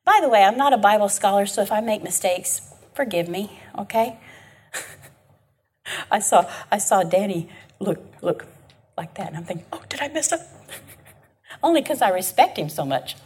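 A woman's voice: medium pitch, expressive, normal speed, long pauses, darkish tone, slightly rough. A woman leading an informal Bible class. She talks in a chatty, emphatic way and keeps checking in with her listeners. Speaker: Bible study teacher.

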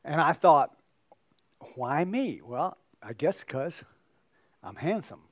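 A man's voice: on the high side, lively intonation, slow, a bit bright, dry recording. An older man, a pastor, giving a sermon in a conversational storytelling way with joking asides.

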